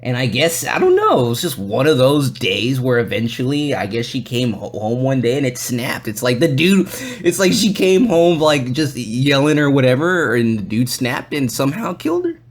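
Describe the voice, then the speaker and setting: A man hosts a casual podcast and tells a story in a loose, meandering way. His speech is full of swearing and fillers as he wanders through the tale. He often slips into quick impressions of other people's lines. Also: mid-range voice, sing-song. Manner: loose and rambling, swears a lot; acts out other people's lines in quoted voices. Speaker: podcast host.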